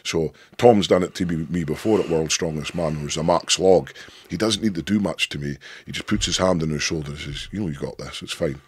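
Very deep husky Scottish man. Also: brisk. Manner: rambling, sweary, emphatic storytelling. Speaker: guest. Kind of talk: casual interview chat.

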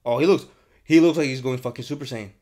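A young man hosting a card unboxing, chatting casually with lots of swearing and bursts of excitement, congested and sniffly. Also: mid-range voice, fast talker. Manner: profane, excitable, rambling. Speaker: card unboxing channel host.

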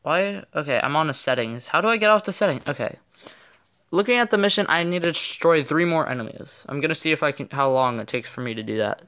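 A man giving casual, excitable gameplay commentary with playful trash talk. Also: fairly high pitch, fast talker, clear, resonant tone. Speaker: gaming channel host.

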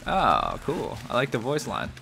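A young man giving casual, jokey commentary over a video game, reacting loudly to big moments. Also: mid-range voice, unhurried, creaky. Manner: excitable, jokey, shouts and laughs at big plays. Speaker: gaming YouTuber.

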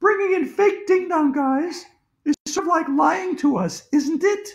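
A man voicing a bossy know-it-all schoolgirl who scolds in prim, drawn-out words. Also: extremely high pitch, gravelly, pitched above the performer's own voice, full character voice. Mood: scolding. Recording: roomy echo.

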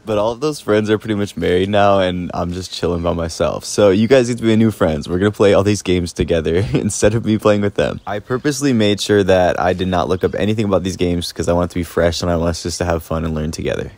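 A man's voice: low voice, no room sound. A young man chatting casually over gameplay, self-deprecating and laughing often. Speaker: gaming vlogger.

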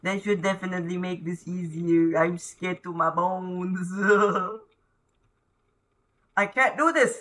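A man doing horror let's-play commentary, jumpy, yelling and pleading at the ghost on screen. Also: high voice, steady tone, slow pace, a little hiss or hum. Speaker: gaming YouTuber.

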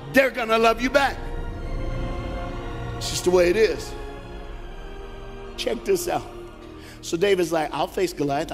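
Southern guy preaching loud and jokey to a room of men, kinda high voice, big echoey hall, faint music behind. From Knoxville, Tennessee. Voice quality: animated, joking, call-and-response. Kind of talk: energetic conference sermon. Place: large conference hall. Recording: live hall with long reverb and faint music.

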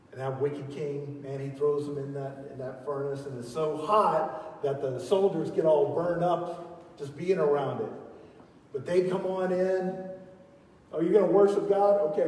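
A man preaching a sermon as pastor, swinging from loud calls to quiet teaching and leading his congregation in call-and-response. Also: mid-range voice, slight background noise. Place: large church hall. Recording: echoey hall, voice from far off.

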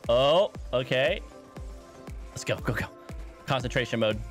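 A man's voice: mid-range voice, lively intonation, unhurried, faint music behind. A young man narrating his own video game run aloud, groaning and laughing at his mistakes. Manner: play-by-play self-commentary, groaning and laughing at mistakes. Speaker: gaming co-host. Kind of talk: excited gaming banter.

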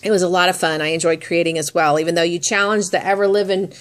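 A woman's voice: on the low side, steady tone, fast. A woman crafting vlogger chatting casually as she shows off handmade gifts, gushing and admiring as she goes. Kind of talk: casual unboxing chat.

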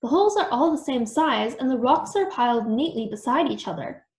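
A woman voicing a confident, playful woman sleuth with a brisk, teasing way of talking, recorded in a roomy space. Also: high-pitched, animated, darkish tone. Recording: roomy echo.

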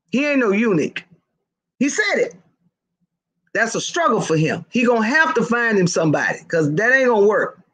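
A woman's voice: medium pitch, a bit bright. A woman hosting a casual live stream, gossiping, laughing often and calling out to her viewers.

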